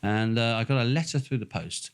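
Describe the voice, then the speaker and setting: A man's voice: mid-range voice, a little fast, smooth. An older man with a Norfolk accent, co-hosting a casual chat and telling a long anecdote, swearing freely and laughing as he acts out the voices of people in the story. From England. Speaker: podcast co-host.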